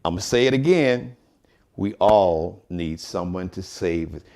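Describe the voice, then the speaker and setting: A man hosting a live commentary show, joking and telling stories in an animated way. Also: deep voice, a little slow. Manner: animated, joking, storytelling, shout-outs. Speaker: host.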